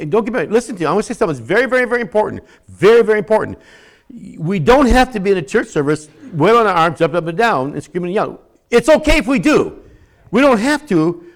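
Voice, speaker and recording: An older male pastor delivers a sermon in a fairly high voice, swinging from shouts down to near-whispers and repeating words to drive his points home.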